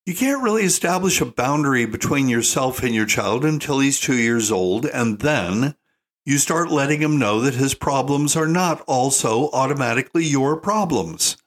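An older man giving an opinionated monologue as a parenting commentator, folksy and emphatic, calling listeners "folks". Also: medium pitch. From United States.

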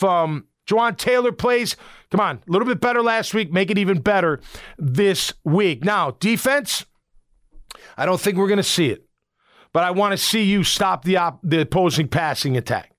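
High-voiced fired-up man hosting a sports podcast. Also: a bit bright, no echo, studio quality. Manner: emphatic, rambling, fired-up. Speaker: podcast host and former football player. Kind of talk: casual sports talk podcast.

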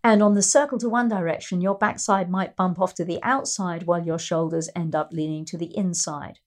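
A woman's voice: on the low side, a little fast. A middle-aged woman and riding teacher giving an instructional talk, explaining ideas through anecdotes. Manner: explanatory, storytelling, acts out quoted voices.

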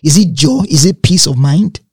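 A man preaches an emphatic sermon, stacking repeated phrases and reading scripture aloud. His voice sits a little high for a man and has a husky grain. The recording is dry and close, with little room sound. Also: animated, moderate pace, darkish tone, no echo.

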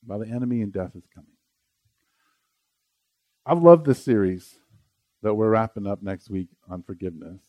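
A man's voice: on the low side, warm tone, dry recording. A man pastor preaching an earnest, conversational sermon during a church service, often restarting his phrases.

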